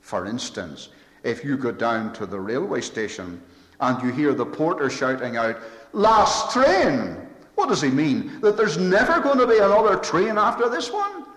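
A man's voice: medium pitch, animated, normal speed, a bit bright. A man preaching a sermon with emphatic, repetitive phrasing and swelling rhetorical lists. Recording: echoey hall with long reverb.

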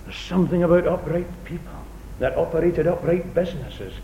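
Dramatic middle-aged male preacher, echoey hall. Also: brisk. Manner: dramatic, swinging from loud appeals to hushed near-whispers; earnest, repeating key phrases for emphasis. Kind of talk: sermon. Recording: echoey, dull recording with low rumble.

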